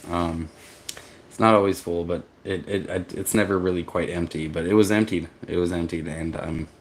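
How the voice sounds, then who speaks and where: Low-voiced tired man chatting casually. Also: steady tone, a little hiss or hum. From Texas. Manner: rambling, halting, with restarts and laughs. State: tired from poor sleep. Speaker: vlogger reading live chat. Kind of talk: casual live-stream chat.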